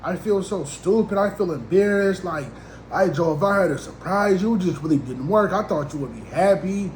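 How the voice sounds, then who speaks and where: A man voicing a young woman, soft and pleading, apologetic and close to tears, in an echoey room. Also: high-pitched, fast talker, slight background noise, natural voice. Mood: upset.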